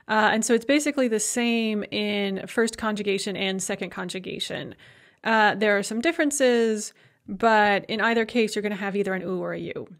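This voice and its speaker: A woman lecturer explaining verb endings in a methodical way, with frequent filler words. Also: medium pitch. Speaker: Russian language lecturer. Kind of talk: recorded grammar lecture.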